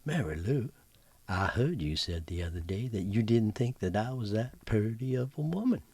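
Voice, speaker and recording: A man voicing a proper, easily offended belle, with a husky drawl. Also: fairly low pitch, animated, moderate pace, warm tone, no room sound, voice pushed up. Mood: prim, miffed. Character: polite proper Southern belle woman, prim and touchy. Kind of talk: spoken joke.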